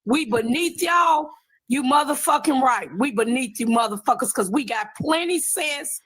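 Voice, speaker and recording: High-pitched indignant woman shouting. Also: moderate pace, husky. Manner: forceful and indignant, often shouting. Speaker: live-stream participant. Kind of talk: heated rant on a live stream.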